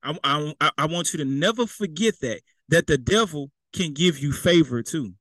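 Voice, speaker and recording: A man's voice: on the high side, expressive, moderate pace, fairly bright tone, no room sound, rough recording. Man preaching a casual sermon. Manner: conversational, repeats words, folksy slang.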